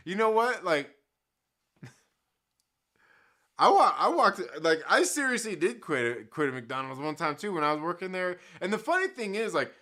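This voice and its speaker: Profane, rambling man with a bright voice. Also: sits high, sing-song, unhurried, pauses often. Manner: profane, laughing, rambling storyteller. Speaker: live stream host reading chat. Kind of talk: casual live stream chat.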